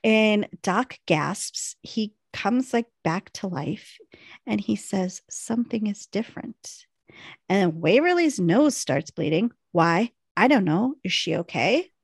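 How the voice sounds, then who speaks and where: A woman's voice: medium pitch, slow, breathy edge, no echo, clean studio sound. A middle-aged woman chatting casually as a podcast co-host, retelling scenes with acted-out lines. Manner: animated retelling, acts out lines. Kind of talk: casual chat recapping a TV episode.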